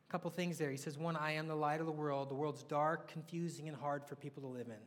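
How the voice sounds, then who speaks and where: Male preacher, lively sermon delivery, high register, reverberant hall. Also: fast, hardly any pauses. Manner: animated, asks the audience questions.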